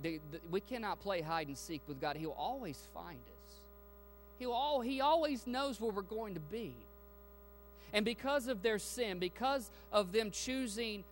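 A male preacher delivering a sermon in an unhurried, deliberate rhythm, with a voice that sits a little high for a man. He drops to near whispers, then builds to loud, impassioned peaks, calling out questions to his congregation. Soft instrumental music plays faintly underneath. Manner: dynamic preaching, swinging from hushed to loud and fervent; addresses congregation directly, asks them questions. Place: church sanctuary.

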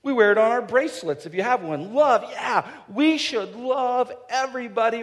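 A man in his thirties delivering a sermon to his church, with a noticeably high voice. His preaching is animated and humorous. He slips into quick acted-out lines. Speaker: pastor.

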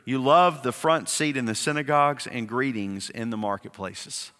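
A male pastor giving a sermon, emphatic, repeating words and slowing down on key phrases to press a point home. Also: medium pitch, fairly bright tone, clear, resonant tone. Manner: emphatic preaching with repetitions and slowed, dropped phrases. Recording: long reverb of a hall.

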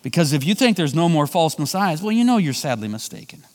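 A male pastor delivering a sermon, swinging between loud emphatic lines and quiet drawn-out phrases. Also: sing-song, in a large hall. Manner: preaching with wide swings of pitch and volume, slowing for emphasis.

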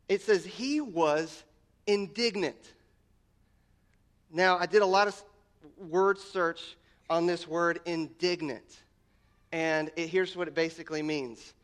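A man with a high, light voice delivers a sermon. He leans on repetition and lifts his voice to stress key phrases, often restarting his words mid-thought. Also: unhurried, long pauses, fairly bright tone. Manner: emphatic, repeats words, voice rises on key lines. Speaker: pastor.

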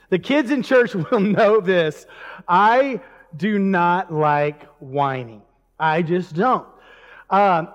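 A man preaching a casual, chatty sermon in church, breaking off mid-sentence and chuckling at asides. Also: high-pitched. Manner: conversational, self-interrupting, chuckling asides. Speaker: pastor. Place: church sanctuary. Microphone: handheld or stage mic. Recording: long reverb of a church hall.

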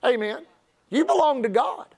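A man's voice: very high voice, normal speed, creaky. A man preaching a sermon, telling folksy, humorous stories. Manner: folksy, humorous, animated storyteller. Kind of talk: sermon with storytelling.

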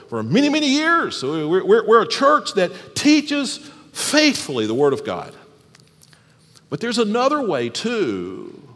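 Animated preaching man in a reverberant church. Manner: animated preaching, dropping soft and low for emphasis. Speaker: pastor. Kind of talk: sermon. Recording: long hall reverb.

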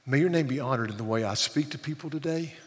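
A man's voice: medium pitch, quick pace. An older man preaching a sermon, earnest, often repeating words as he builds emphasis. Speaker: pastor. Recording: long hall reverb.

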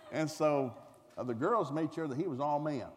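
Middle-aged Southern man, comic storyteller, folksy, very lively pitch, long hall reverb. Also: fast talker. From American South. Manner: folksy, animated, acts out voices, climbs high when excited. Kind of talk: comic storytelling to a live audience. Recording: reverberant hall with faint noise.

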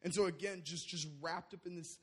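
A young man preaching a sermon, telling a personal story in a lively way with many fillers and restarts. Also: sits high, brisk, breathy edge.

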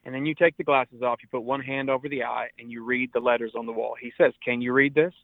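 A man's voice: medium pitch, level tone, quick pace, vocal fry, dry recording. A pastor in his forties speaking in an earnest, preaching way during a radio interview, often repeating words as he drives a point home. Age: 40s. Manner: earnest, exhortative, repeats words when stressing. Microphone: phone line. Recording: tinny dry phone line.

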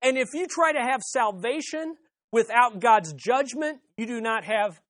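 Casting: pastor mid-sermon, emphatic, repeats phrases, swings from loud peaks to hushed asides, mid pitch. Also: lively intonation, measured pace, no echo, clean studio sound. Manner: rhetorical questions and answers. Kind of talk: expository sermon.

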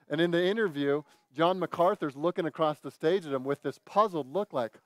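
A man's voice: fairly high pitch, a little fast, hardly any pauses, no room sound. A man preaching a sermon to his congregation in an earnest way, now and then acting out what his listeners might say. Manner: earnest, with animated acted-out quotes. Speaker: pastor.

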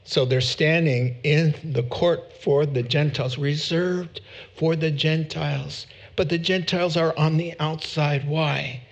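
A man's voice: a little high, fairly even intonation, unhurried, gravelly. A man preaching a sermon as pastor, emphatic and repeating words for stress.

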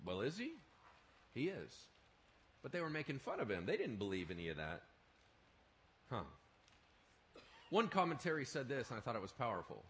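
A male pastor preaching a sermon in an animated, emphatic way, often asking his listeners questions. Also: mid-range voice, moderate pace, long pauses.

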